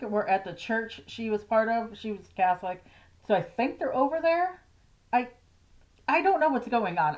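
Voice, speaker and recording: A middle-aged woman vlogging casually about her grief, rambling and hesitant, with nervous laughs. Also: a little high. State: grieving. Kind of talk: casual personal vlog. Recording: slightly dull lo-fi audio.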